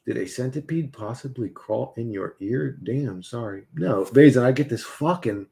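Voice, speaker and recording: A man's voice: medium pitch, darkish tone. A man live streaming in a casual, rambling, profane way, reading and answering his chat.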